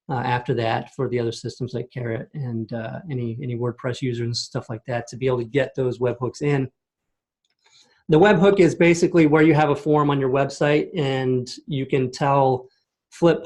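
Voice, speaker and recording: Man, mid-pitched, casual software demo host on a video call, explains step by step with frequent check-ins. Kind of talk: screen-share product walkthrough. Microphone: computer mic on a video call.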